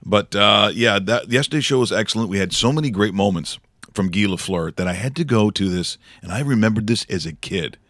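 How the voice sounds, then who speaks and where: Deep-voiced host rambling enthusiastically. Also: male voice, brisk, a bit bright, no room sound, clean studio sound. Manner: rambling with many restarts, enthusiastic. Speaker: show host. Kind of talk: casual morning show talk. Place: studio.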